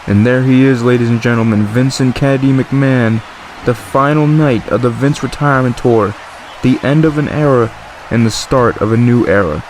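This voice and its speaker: A man giving excited play-by-play commentary over a wrestling video game, calling the action as it happens. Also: medium pitch, moderate pace, a little hiss or hum. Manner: excited, exclamatory ringside calling.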